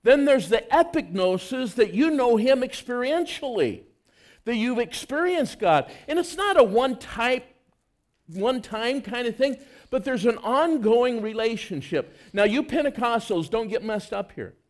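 High-voiced, earnest male preacher. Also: animated, unhurried. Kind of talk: sermon.

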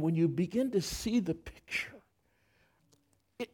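A man preaching a sermon, his delivery swinging from hushed, intimate phrases to loud, impassioned outbursts. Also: fairly high pitch, sing-song, measured pace, long pauses. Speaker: pastor.

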